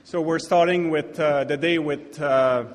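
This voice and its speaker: A man's voice: fairly high pitch, steady tone, measured pace. A man with a French-Canadian accent giving an academic conference lecture, often restarting his sentences. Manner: hesitant, many restarts and fillers. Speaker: keynote speaker. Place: large lecture hall. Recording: echoey hall, long reverb.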